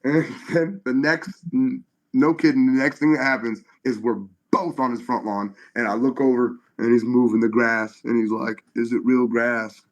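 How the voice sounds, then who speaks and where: Middle-aged man, mid-pitched and conversational, giving an animated and halting testimony full of restarts. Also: lo-fi sound. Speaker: guest.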